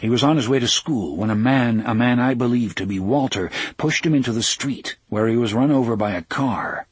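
A man reading an audiobook in a steady, even storytelling manner on a close studio mic. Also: mid-range voice, a little fast, slightly rough, dry recording. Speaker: audiobook narrator. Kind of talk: scripted narration.

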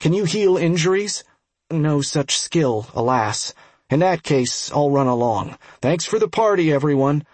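A man voicing a young female archer in a game, apologetic and quick to yelp. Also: fairly high pitch, expressive, darkish tone, dry recording. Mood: polite. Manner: yelping, apologetic.

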